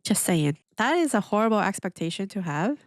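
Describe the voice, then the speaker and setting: A woman hosting a reaction video in casual commentary, animated and exclamatory, laughing often and asking lots of questions. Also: mid-range voice, brisk, dry recording, clean studio sound. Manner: asks rhetorical questions.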